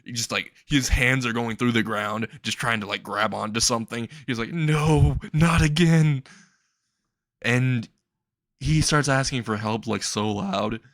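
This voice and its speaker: A man's voice: lowish voice, fairly even intonation, moderate pace, pushed and bright, dry recording. A man telling a comedic story casually, crude, rambling and often laughing.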